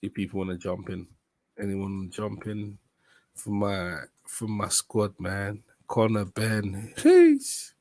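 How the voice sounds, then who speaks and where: A man hosting a boxing live stream in casual chat, excitable and repeating himself often. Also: fairly low pitch, slow pace, no room sound. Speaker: boxing livestream host.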